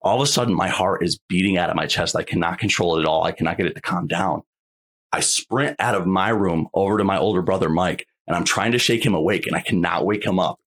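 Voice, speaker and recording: Very deep-voiced man telling a story. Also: fast, fairly bright tone. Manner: rambling, filler-heavy, checks in with listener. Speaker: guest. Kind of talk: casual storytelling.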